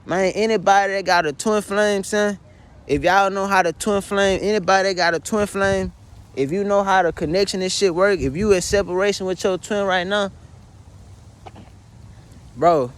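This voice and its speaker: A man's voice: high-pitched, fairly even intonation, moderate pace. A young man, tearfully venting in a profane, repetitive confessional monologue from his bedroom. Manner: distraught, addresses listener as "son" constantly, profane, repetitive. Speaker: vlogger.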